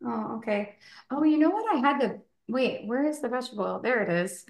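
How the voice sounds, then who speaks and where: Woman podcast co-host, slightly high, rambling and giggly, roomy kitchen sound. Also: lively intonation, brisk, vocal fry. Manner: chatty, many fillers, laughs often. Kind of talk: casual chat while baking.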